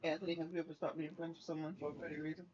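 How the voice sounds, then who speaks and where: A woman's voice: low voice, flat delivery, very fast, a little mellow, breathy edge, dull audio. A woman co-hosting a casual talk stream, asking the questions and reacting in short bursts. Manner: brief, reactive interjections. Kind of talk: casual live-stream chat.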